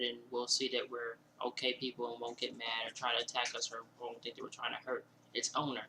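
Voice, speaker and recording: A man telling a personal story casually indoors at home, rambling and animated, with lots of fillers and quoted asides. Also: mid-range voice, a little hiss or hum, rough recording.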